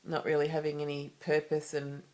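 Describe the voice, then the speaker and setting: A woman's voice: deep voice, monotone, moderate pace, a little mellow. A woman with an Australian accent talking to camera in a personal vlog, candid and rambling, with many restarts and asides. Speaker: vlogger.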